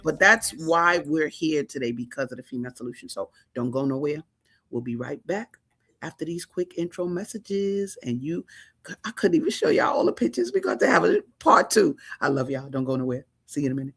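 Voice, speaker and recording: A woman from Chicago hosting a casual interview show, talking in an excited, playful way full of slang. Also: deep voice, brisk, gravelly, breathy edge. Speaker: talk show host.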